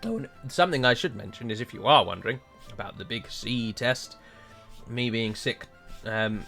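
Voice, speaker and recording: A man's voice: medium pitch, moderate pace, vocal fry, pushed and bright, soft background music. A man giving chatty, wry commentary while playing a strategy game, wandering into rambling asides. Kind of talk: gameplay commentary.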